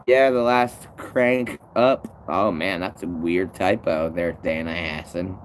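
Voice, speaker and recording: Male streamer, casual and profane, stumbles through restarts; low-pitched, faint vehicle hum in background. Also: slow pace. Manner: rambling, swears a lot, restarts sentences. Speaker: tree climber streaming to viewers. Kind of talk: casual live-stream chat reading comments.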